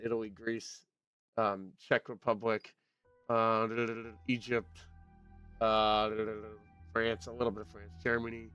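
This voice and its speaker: A young man streaming a game, chatting casually with his audience in an excitable, rambling way with quick laughs. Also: medium pitch, smooth. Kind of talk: casual live-stream chat while gaming.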